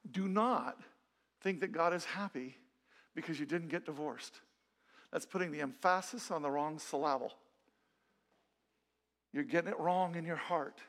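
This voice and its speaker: Earnest man preaching, fairly high voice. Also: unhurried, pauses often, a bit bright. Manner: earnest, conversational preaching with frequent restarts. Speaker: pastor. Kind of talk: sermon. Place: church sanctuary.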